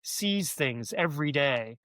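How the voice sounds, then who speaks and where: A man's voice: fairly high pitch, animated, unhurried, a bit bright, dry recording. A man, a former speechwriter, telling stories in an interview, rambling with many restarts and filler words. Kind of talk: conversational interview storytelling.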